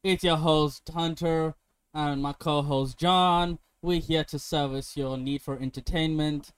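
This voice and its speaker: A young man with a fairly high voice hosts a podcast in loose, casual chat. He jokes and swears freely and keeps breaking into laughter. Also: fairly even intonation, measured pace, clear, resonant tone, no echo. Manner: joking, swearing, laughs often. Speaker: podcast host.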